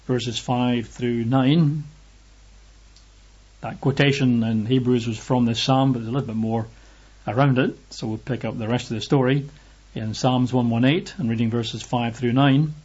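A man's voice: mid-range voice, fairly even intonation, normal speed, a little mellow, breathy edge, muffled recording. A man preaching a sermon and reading Bible verses aloud, stressing his points by repeating phrases.

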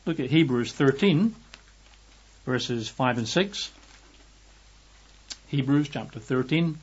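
A man preaching a sermon at an unhurried pace, pausing on fillers and slowing down to quote scripture. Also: mid-range voice, lively intonation, breathy edge. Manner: unhurried, hesitant with fillers, slows and lifts when quoting scripture. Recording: dull lo-fi sound.

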